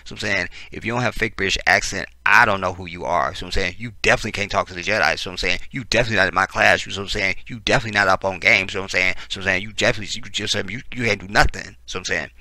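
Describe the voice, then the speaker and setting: A man doing a mock-posh man in a fake British accent. He rattles off words at a rapid clip, with a sharp, tense edge and a slightly low voice. The sound is close and dry. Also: no room sound, full character voice.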